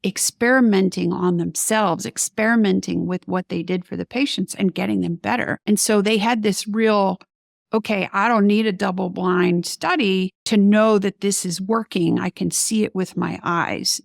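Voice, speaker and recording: A woman's voice: medium pitch, creaky, dry recording, clean studio sound. A middle-aged woman, a guest doctor in an interview, telling her story animatedly and acting out quoted remarks.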